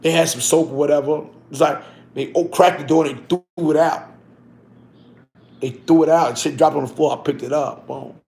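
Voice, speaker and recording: A man's voice: on the high side, steady tone, fairly quick, vocal fry, darkish tone. A man recounting his own past in casual street slang, tagging lines with "you heard," and stumbling and correcting himself when reading aloud from a book. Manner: slangy, loose delivery with frequent "you heard" tags.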